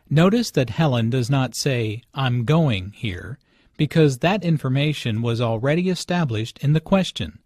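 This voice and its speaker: Man teaching english, slow deliberate pace, lively intonation, dry close sound. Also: medium pitch, no room sound. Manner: slow, clearly enunciated explanations. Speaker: language teacher narrator. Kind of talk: scripted instructional narration.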